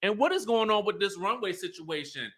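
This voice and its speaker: A man putting on a sassy, demanding woman's voice, shrill and indignant as she fires off questions. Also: lively intonation, brisk, fairly bright tone, husky, full character voice.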